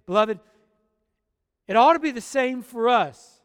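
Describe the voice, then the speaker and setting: A male pastor preaching a fervent sermon, slowing down and swelling on key phrases. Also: very high voice, lively intonation, fairly bright tone, clear, resonant tone, long reverb tail. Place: church sanctuary.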